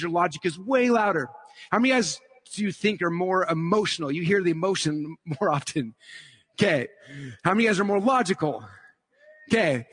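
A man giving a live conference talk, teaching quickly and checking in with "okay?" and "right?" as he draws on slides. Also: sits high, fairly bright tone, husky, no echo. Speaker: speaker at a conference.

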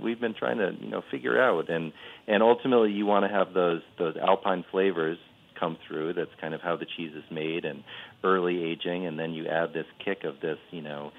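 A man who makes cheese, a guest on a casual interview, speaking very low with a gravelly rasp. He rambles thoughtfully and leans on fillers. The audio comes through a thin, tinny phone line. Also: steady tone, brisk. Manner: thoughtful and rambling, lots of "you know".

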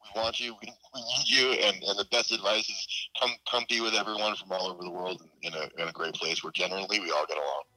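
Deep, bright-toned New man. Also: fairly even intonation, fast talker, few pauses, low-quality recording. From New York. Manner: welcoming, chuckling, emphatic. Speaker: food business owner, guest.

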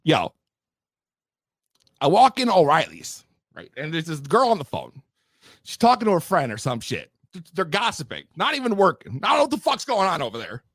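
A young man hosting a show, telling a profane comic rant and breaking into shouts. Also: a little high, moderate pace, breathy edge, no room sound, clean studio sound. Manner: profane, animated, swings to shouting. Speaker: host.

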